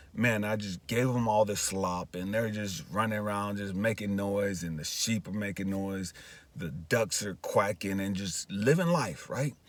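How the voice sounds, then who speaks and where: A man telling a personal faith story in an earnest, repetitive way, often checking in with his listeners. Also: lowish voice. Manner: earnest, repetitive, often asks "you know what I mean". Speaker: counselor sharing personal testimony. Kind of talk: emotional spoken testimony.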